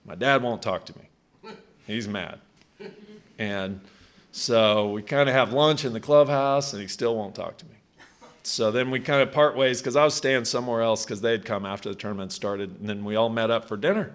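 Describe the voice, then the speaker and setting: A man's voice: medium pitch, moderate pace. A man in his sixties giving a hall of fame acceptance speech at a country club, conversational, with frequent restarts. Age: 60s. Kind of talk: acceptance speech with personal anecdotes. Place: country club event room.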